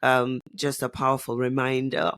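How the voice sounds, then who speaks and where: A man co-hosting a podcast, encouraging his guest and quick to agree. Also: mid-range voice, completely flat delivery, a bit bright, clear, resonant tone, dry recording, clean studio sound. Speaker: podcast co-host. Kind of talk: podcast interview.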